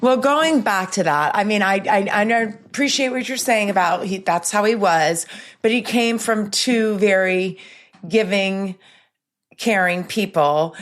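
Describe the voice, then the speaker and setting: A woman in her fifties hosting a podcast, chatty and animated, laughing often as she retells stories. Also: mid-range voice, measured pace. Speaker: podcast host. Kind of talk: casual chat.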